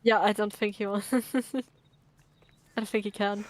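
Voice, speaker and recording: A woman's voice: mid-range voice, flat delivery, moderate pace, no room sound. A woman chatting with a streamer about the game, teasing and joking. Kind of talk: casual gameplay chat.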